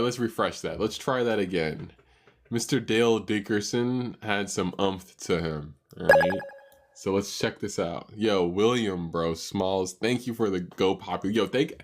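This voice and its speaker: A man hosting a live stream, chatting loosely with slang and frequent laughter while talking to an AI voice. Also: low voice. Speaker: livestream host. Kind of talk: casual live stream chat.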